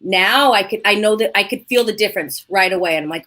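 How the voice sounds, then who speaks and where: A woman hosting a podcast in casual conversation, animated and acting out her own past inner thoughts as she talks. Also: mid-range voice, fast talker. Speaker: podcast host.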